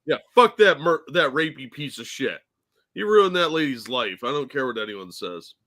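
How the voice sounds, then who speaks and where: Guy cohosting a podcast, sharp bright voice, blunt sarcastic takes. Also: mid-range voice, expressive, moderate pace. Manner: blunt, crude, sarcastic remarks. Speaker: co-host. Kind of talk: casual podcast chat.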